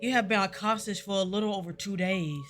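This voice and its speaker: A woman reading a gentle, attentive male doctor's lines aloud from a visual novel, in a calm, reassuring, measured way. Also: medium pitch, soft background music, close to an everyday voice.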